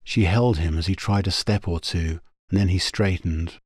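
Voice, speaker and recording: A man narrating a pulp science-fiction story in a steady, measured audiobook reading. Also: sits low, slightly rough, no room sound, studio quality.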